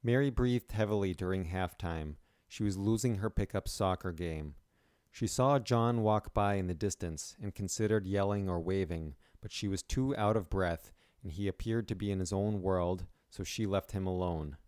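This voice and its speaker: A man's voice: low voice, moderate pace, a little mellow, dry recording, clean studio sound. A man reading a story aloud in plain scripted narration.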